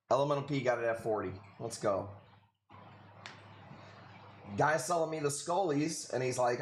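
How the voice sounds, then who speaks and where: A man's voice: medium pitch, a little hiss or hum. A man hosting a live coral sale stream, chatting casually with viewers in a joking, profane way. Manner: joking, profane, talks to chat.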